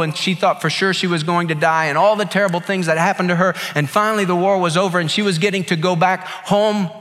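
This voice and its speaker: A pastor giving a sermon, telling a story in a soft low voice and then rising with emphasis on his main points. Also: big-room sound. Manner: storytelling, quoting others' words softly and lower.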